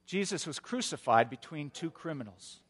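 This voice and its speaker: A male pastor giving a sermon in an earnest storytelling manner, with a touch of gentle humor. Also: a little high, expressive, normal speed, breathy edge, in a large hall.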